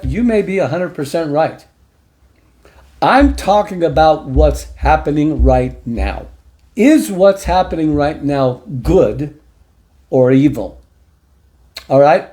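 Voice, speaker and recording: A man's voice: fairly high pitch, warm tone. A middle-aged man hosting an opinion commentary show, talking emphatically in a preachy way and repeating points for stress. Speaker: host.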